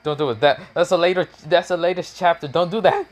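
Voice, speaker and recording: A man's voice: fast, close to an everyday voice. A man doing a panicky, raised-voice ninja teacher. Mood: pleading. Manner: pitched-up, loud and panicky. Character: hot-tempered grown male ninja teacher. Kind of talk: improvised fan storytelling.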